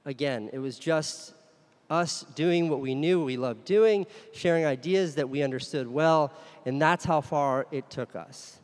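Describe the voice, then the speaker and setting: A man's voice: a little high, a little slow, in a large hall. A man giving a frank, self-deprecating keynote at a conference, telling the story of his career in plain, earnest words. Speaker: conference speaker.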